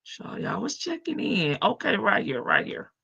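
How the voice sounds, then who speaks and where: A woman's voice: medium pitch, wildly swooping pitch, moderate pace, vocal fry, bright, forceful tone, slightly rough, no echo, muffled recording. Heavy-voiced woman chatting on a porch. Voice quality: heavy morning voice. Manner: chatty, greets chat viewers by name. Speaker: live-stream host. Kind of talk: casual live-stream chat. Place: front porch outdoors.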